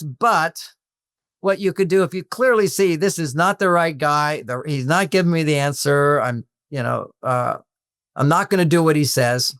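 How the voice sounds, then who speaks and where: A man's voice: fairly high pitch, no echo, studio quality. An older man, a relationship author, explaining workplace advice in a conversational way and acting out little bits of dialogue. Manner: explanatory, acts out example dialogue in quick little voices.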